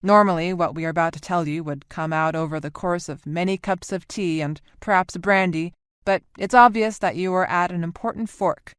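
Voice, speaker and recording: A woman voicing a serious, determined motherly woman who speaks in a measured way, in an audiobook. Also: lowish voice, clear, resonant tone, no echo, studio quality, lightly acted. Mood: solemn.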